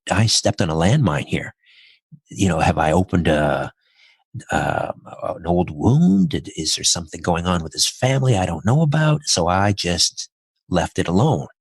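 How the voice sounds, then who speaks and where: A man's voice: deep voice, slightly rough, dry recording, clean studio sound. A middle-aged man, a podcast guest, telling a personal story in an earnest, reflective way, step by step.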